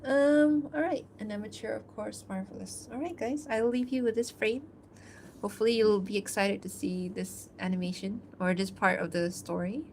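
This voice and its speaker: Give me a casual, mid-pitched woman chatting on an art stream over faint background ambience, loose and rambling. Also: steady tone, moderate pace, gravelly, darkish tone, slight background noise. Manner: chatty and loose, full of "like" and small laughs; reads fan-fiction narration aloud. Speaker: artist streaming her work. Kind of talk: casual livestream chat.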